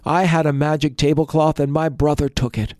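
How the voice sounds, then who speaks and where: A man's voice: fairly high pitch, steady tone, brisk, darkish tone, dry recording, studio quality, pitched above the performer's own voice, natural voice. Folktale poor father, earnest and pleading, played by a male teller.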